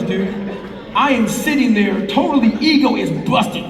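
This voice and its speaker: High-voiced guy swearing through a wild story, heard from way back in a big echoey hall. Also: moderate pace, heavy background noise. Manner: profane, intense storytelling. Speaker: motivational speaker. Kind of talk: live storytelling talk on stage. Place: large hall with a live crowd. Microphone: stage speech heard from the crowd on a fan's camera. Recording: roomy, far-off hall recording from the crowd.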